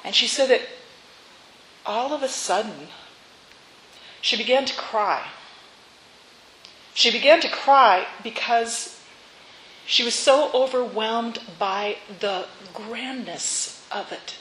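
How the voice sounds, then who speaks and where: A woman pastor delivers a sermon at a slow, deliberate pace, her voice bright and a little high. She weaves in a story, poses reflective questions and has the congregation repeat words back to her. The church room gives her voice a roomy echo. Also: a little hiss or hum. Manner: leads congregation in call-and-response repetition. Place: church sanctuary.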